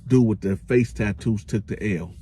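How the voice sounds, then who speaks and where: A man hosting a casual storytime, telling a prison tale in animated slang with his own sound effects. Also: fairly low pitch, normal speed, husky. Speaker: storyteller host.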